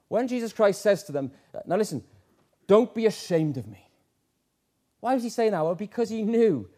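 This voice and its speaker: A man's voice: sits high, mellow. A middle-aged man preaching a sermon, earnest, with many fillers and rhetorical questions.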